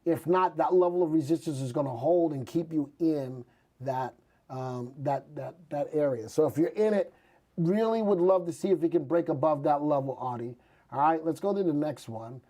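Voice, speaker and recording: A man's voice: fairly high pitch, moderate pace, dark tone. A male host giving live, chatty commentary on stock charts and reading out viewers' ticker requests. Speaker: market news host.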